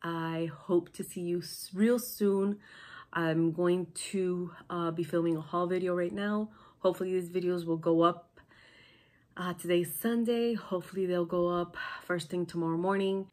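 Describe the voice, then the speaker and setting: A woman's voice: lowish voice, fairly even intonation, moderate pace, a little mellow. A woman with a sick, nasal voice, chatting through a makeup tutorial as a beauty vlogger. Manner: chatty, talks through each step.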